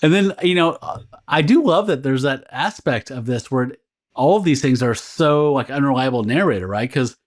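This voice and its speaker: A man's voice: mid-range voice, animated, normal speed. A man co-hosting a casual podcast, recapping a comic story in a rambling, laughing way with many fillers. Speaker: podcast co-host. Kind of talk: casual comic book discussion.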